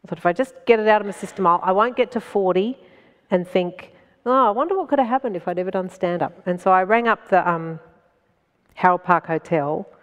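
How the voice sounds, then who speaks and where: A woman with an Australian accent, a stand-up comedian telling a story as a guest in an animated way and laughing between phrases. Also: medium pitch, fairly quick, in a large hall. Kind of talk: anecdotal storytelling in conversation.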